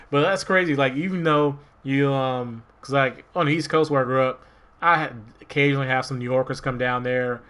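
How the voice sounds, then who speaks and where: A man's voice: mid-range voice, moderate pace. A man from Maryland streaming a game, chatting casually and rambling to himself as he plays. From Maryland, USA. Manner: rambling, relaxed, talks to himself while playing. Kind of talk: casual gameplay commentary.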